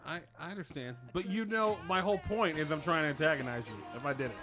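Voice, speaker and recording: A man's voice: on the high side, quick pace, over music. A man co-hosting a comedy podcast, teasing his friend in a mock-soothing way. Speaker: podcast co-host. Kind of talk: casual podcast banter.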